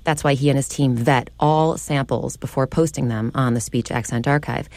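A woman's voice: extremely low pitch, fairly even intonation, normal speed, a little mellow, no room sound. A woman radio reporter narrating a feature in a conversational, lightly scripted way.

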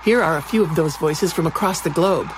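A woman hosting a radio nature segment, reading a scripted narration in a calm, measured way. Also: sits low, background noise. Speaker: radio program host.

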